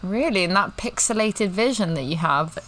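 A woman's voice: medium pitch, animated, normal speed, a bit bright. A young woman co-hosting a podcast over a video call, chatting playfully, laughing often and breaking into song. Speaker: podcast co-host. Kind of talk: casual chat.

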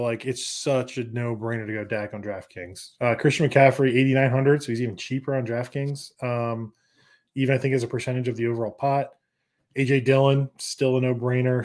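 A man in casual sports chat, rambling and profane, talking fast in bursts and breaking down fantasy football picks with confidence. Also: medium pitch, fairly even intonation, a little mellow. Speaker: podcast guest.

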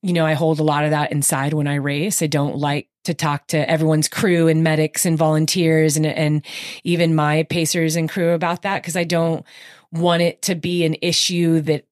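A woman in conversation, recounting an endurance race in a casual, animated storytelling manner with frequent fillers and quick emotional bursts. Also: low-pitched, dry recording, clean studio sound. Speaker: podcast guest recounting her race.

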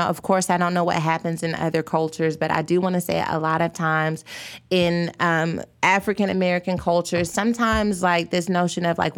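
A woman hosting a casual live stream, talking straight to her viewers. Her voice sits a little low. She thinks out loud, with plenty of ums and likes. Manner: chatty, thinks aloud with frequent fillers. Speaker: host.

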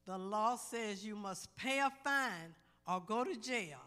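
A woman preacher voicing a stern but kindly male judge, speaking slowly and solemnly. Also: mid-range voice, animated, pushed and bright, clear, resonant tone, big-room sound.

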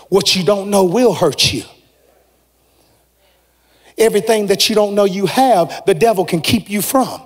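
Preacher man, really high voice, shouts and half-sings his lines, big echoey church hall. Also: lively intonation, measured pace, long pauses. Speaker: pastor. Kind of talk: sermon. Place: church sanctuary. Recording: long reverb of a large hall.

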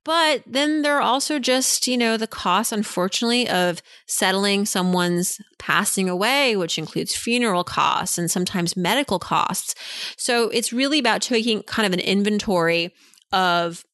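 Woman, advice podcast host; frank, chatty, filler-heavy delivery at a mid pitch, close and dry. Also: normal speed, a bit bright, dry recording. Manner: chatty, frank, many "you know" fillers. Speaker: personal finance podcast host. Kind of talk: answering listener questions, casual advice.

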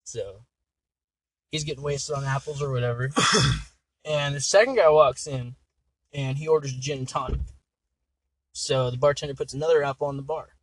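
A man hosts a casual podcast in a laid-back, profane way and laughs often. His voice sits at an average pitch and sounds dry and close to the mic, with no room sound. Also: moderate pace, long pauses, dry recording, low-quality recording. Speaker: podcast host. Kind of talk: casual chat and joke telling.

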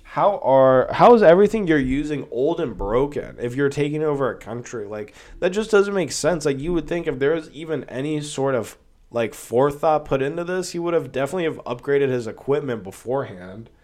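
A man's voice: medium pitch, animated, brisk, a little mellow. A young man hosting a solo podcast, ranting heatedly and rambling, with plenty of swearing. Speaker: podcast host. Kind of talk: casual solo podcast rant.

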